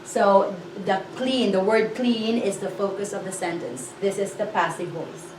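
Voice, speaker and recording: A woman teaching a language lesson, patiently explaining and repeating example sentences slowly, often checking with "okay?". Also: medium pitch, a little mellow. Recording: echoey room, voice a bit far from mic, faint hiss.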